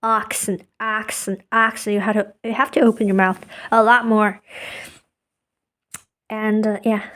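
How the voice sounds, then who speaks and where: A woman who speaks English as a second language, thinking aloud in a casual monologue with many fillers and restarts, often trailing off quietly. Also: medium pitch, little pitch movement, a little slow, pauses often. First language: not English. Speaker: podcaster.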